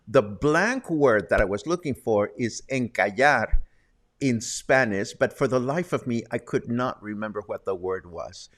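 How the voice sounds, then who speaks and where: A man hosts a relaxed local news show in a chatty, conversational way. He drops wry little asides between the headlines. His voice sits at an ordinary middle pitch. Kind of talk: casual local news roundup. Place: Puerto Vallarta, Mexico.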